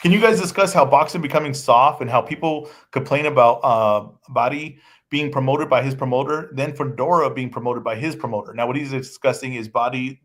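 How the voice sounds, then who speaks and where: A man co-hosting a boxing podcast in casual chat, teasing and joking with his co-hosts. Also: medium pitch. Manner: teasing, jokey, excitable. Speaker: podcast co-host.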